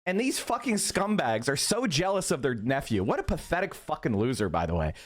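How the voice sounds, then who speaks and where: A man's voice: on the high side, big pitch swings, a little fast. A man ranting heatedly and with a lot of swearing while hosting a live stream. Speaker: streamer host.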